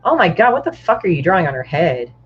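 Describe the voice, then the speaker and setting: Profane, blunt woman with a low voice. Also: big pitch swings, fast talker, slight background noise. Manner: blunt, profane storyteller who acts out other people's lines. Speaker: guest comic artist. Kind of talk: casual podcast chat. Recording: dull, muffled lo-fi audio.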